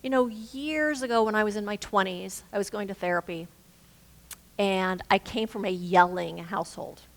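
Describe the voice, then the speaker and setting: A woman minister giving a gentle, reflective sermon, slowing down to stress key words. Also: mid-range voice. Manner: gentle, reflective, with slow emphatic phrasing. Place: spiritual center sanctuary. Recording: reverberant hall.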